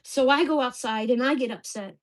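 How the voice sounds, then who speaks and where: Woman in her sixties, somewhat high voice, agitated, swearing, venting vlog at home. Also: brisk. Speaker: vlogger. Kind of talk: venting to camera. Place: at home in a mobile home park.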